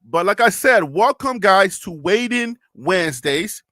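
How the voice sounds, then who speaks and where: Bright, high-voiced young man hosting a stream. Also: animated, unhurried, dry recording, studio quality. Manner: chatty, reads viewer comments aloud and laughs often. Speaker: live-stream host. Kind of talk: casual sports live-stream chat.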